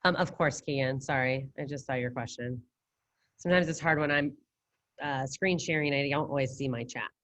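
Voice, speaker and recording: A woman's voice: a bass voice, normal speed, a bit bright, no room sound. A woman teaching a Spanish class over a video call, casual and upbeat as she quizzes her students. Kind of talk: online class lesson. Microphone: computer mic on a video call.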